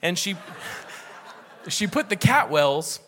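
A man's voice: sits high, very animated, slow pace, fairly bright tone, slight background noise. A young man preaching a sermon and leading prayer in an earnest, conversational way.

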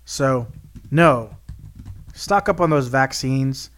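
With a medium-pitched, fairly bright voice and a slow delivery, a podcast co-host banters casually, cracking crude jokes in a brash, profane style.

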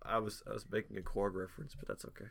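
A man's voice: lowish voice, fast, vocal fry, fairly bright tone, breathy edge. A young man co-hosting a podcast, jokey and sarcastic, swearing in casual chat. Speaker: podcast co-host.

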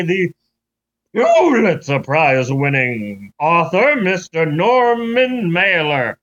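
A man's voice: sits high, fairly bright tone, exaggerated voice. A man doing a pompous, speechifying British author with a put-on British accent, on a dull lo-fi recording. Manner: grandiose, speechifying.

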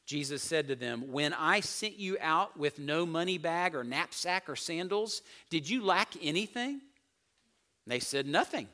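A male pastor delivers a sermon in a high, bright voice. His pitch leaps and falls as he acts out the disciples' words. At key points he sinks to a near whisper. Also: lively intonation, a little slow.

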